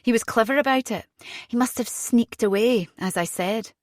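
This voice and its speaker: A woman's voice: moderate pace, a little mellow, no echo, studio quality, close to an everyday voice. Woman voicing an agitated Scottish mother. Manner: urgent, insistent, rising pitch.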